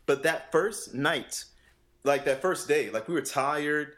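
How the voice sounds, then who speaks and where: A vocal coach in casual conversation, telling a story with lots of acted-out dialogue, laughing often and swearing casually. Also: male voice, on the high side, slow. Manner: animated, acts out quoted dialogue with voice shifts.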